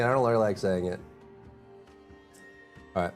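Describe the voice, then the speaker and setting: A man's voice: fairly low pitch, big pitch swings, moderate pace, long pauses, a little mellow, soft background music. A man streaming live, chatting casually with his viewers, rambling and humming or muttering to himself between thoughts. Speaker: full-time streamer.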